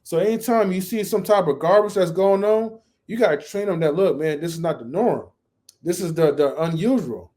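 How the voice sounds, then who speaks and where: Man, podcast co-host, emphatic, joking, high voice. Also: normal speed, mellow. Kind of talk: casual chat.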